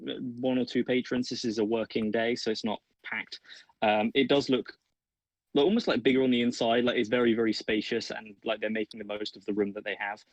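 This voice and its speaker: A man's voice: medium pitch, no echo, poor audio. A man narrating a tabletop game as game master, casual and full of fillers. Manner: casual, filler-heavy, rambling.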